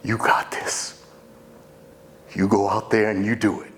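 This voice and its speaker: A man playing an older brother and boxing trainer, giving an urgent pep talk that swings between loud pushes and hoarse whispers. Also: on the low side, level tone, a little fast, a little hiss or hum, lightly acted. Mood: intense. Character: boxing trainer big brother, washed-up and fiercely pushing.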